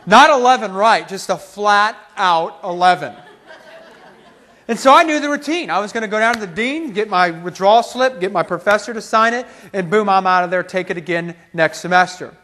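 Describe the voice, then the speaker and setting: Male keynote speaker, high voice, lively self-mocking storyteller. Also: moderate pace. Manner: animated, self-mocking, laughs through his story. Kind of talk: motivational storytelling to a live audience.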